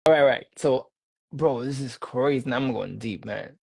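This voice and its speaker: A man telling a personal faith testimony in a casual interview, animated and laughing often, repeating his phrases. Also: medium pitch, moderate pace, gravelly, slightly rough, no room sound, low-quality recording. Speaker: guest sharing a faith testimony.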